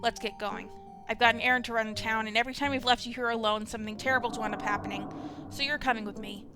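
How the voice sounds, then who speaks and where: A woman's voice: a little high, fairly even intonation, quick pace, music in the background, close to an everyday voice. A woman voicing a blunt, scowling caretaker. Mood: curt. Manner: blunt, clipped and irritable.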